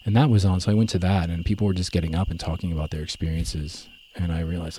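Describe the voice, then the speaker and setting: A young man telling his story in a relaxed, rambling way, full of fillers and self-corrections. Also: low voice, fast talker, few pauses, slight background noise. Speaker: guest. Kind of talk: casual conversational storytelling.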